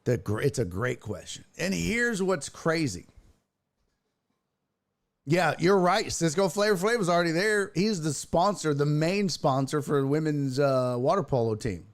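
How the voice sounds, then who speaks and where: A man's voice: a little high, animated, unhurried. A man hosting a sports stream, chatting casually, rambling and often breaking off mid-sentence. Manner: rambling, self-interrupting, exclaiming. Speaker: sports show host. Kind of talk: casual live-stream chat.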